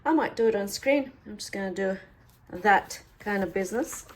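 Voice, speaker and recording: A woman's voice: mid-range voice, expressive, moderate pace, a little hiss or hum. A woman giving a casual step-by-step craft tutorial from her home workspace, chatting as she works and dropping offhand asides. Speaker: crafter demonstrating a project.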